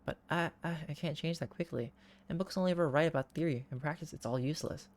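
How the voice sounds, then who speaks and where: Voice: medium pitch, fast, a little mellow, close to an everyday voice. A gamer reading aloud as a blunt, socially awkward young woman researcher who turns defensive and stammers. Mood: flustered.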